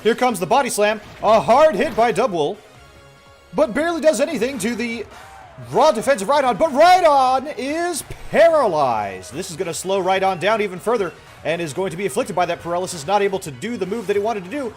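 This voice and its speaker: A man putting on the voice of an excitable male stadium battle announcer, calling a game battle play by play in a booming, drawn-out style. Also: soft background music. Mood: hyped. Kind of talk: play-by-play commentary.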